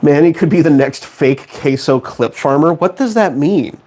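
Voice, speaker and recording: Lively sarcastic man streaming. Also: on the high side, moderate pace, few pauses. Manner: sarcastic, mock-outraged banter with chat; rambling, self-mocking. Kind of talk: casual live-stream chat. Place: home studio.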